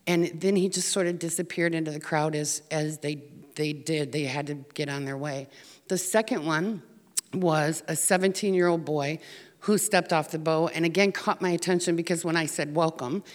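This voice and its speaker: A woman's voice: deep voice, moderate pace. American woman telling a story in a hall. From United States. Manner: earnest storytelling with fillers. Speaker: speaker telling of volunteer work. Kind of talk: personal story talk.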